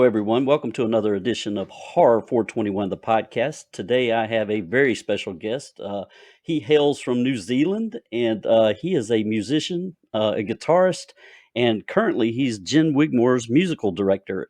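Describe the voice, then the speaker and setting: Halting male podcast host, dry sound. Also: mid-range voice, expressive, a little mellow, no echo. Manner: halting, repeats words. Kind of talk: interview podcast.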